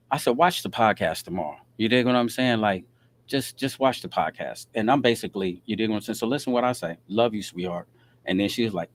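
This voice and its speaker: A man hosting his own podcast, telling a story in a casual, animated way and reading out text messages. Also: fairly low pitch, fairly quick. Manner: animated, reads out text messages, frequent "you dig what I'm saying". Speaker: podcast host.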